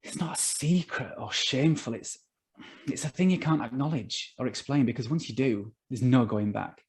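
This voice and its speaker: A man reading as a calm, quiet Northern gay man. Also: medium pitch, close to an everyday voice. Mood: reflective. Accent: Northern English. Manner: slow, soft and reflective. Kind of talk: author reading his own novel aloud.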